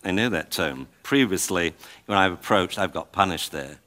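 A man voicing a wary dog that speaks low and slow. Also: expressive, pushed and bright.

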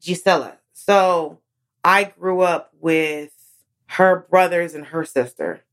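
A woman comedian, a guest in a studio, chatting casually. Her speaking voice sits on the low side, and she tells stories with plenty of animation, jumping up in pitch whenever she acts out a moment. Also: takes it slowly. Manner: animated storyteller, swoops high when acting out moments. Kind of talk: casual interview chat.

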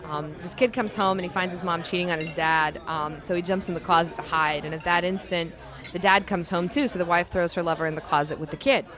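Woman telling a joke with lively quoted voices. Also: brisk, crowd noise. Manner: jumps higher and louder for quoted lines. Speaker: guest author telling a joke. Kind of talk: told joke, acting out voices.

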